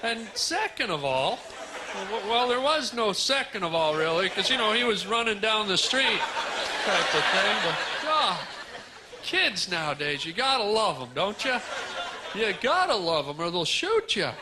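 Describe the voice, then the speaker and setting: A man's voice: high voice, big pitch swings, unhurried, a loud crowd. Male stand-up comic, rambling nonsense riffs, live club recording with audible background noise. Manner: rambling, absurd nonsense wordplay. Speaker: stand-up comedian. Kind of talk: stand-up comedy set. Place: comedy club stage.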